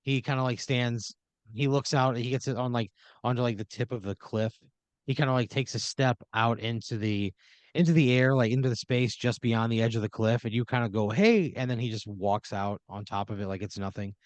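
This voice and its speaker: A man's voice: mid-range voice, steady tone, brisk, no echo. A man improvising a rambling, profane story in the second person, full of fillers, as a comedy podcast co-host.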